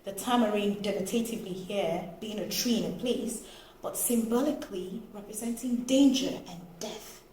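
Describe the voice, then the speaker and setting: A woman from Nigeria giving a casual, animated book review, laughing now and then. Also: medium pitch, normal speed. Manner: animated, expressive, laughs often. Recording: echoey room, faint noise.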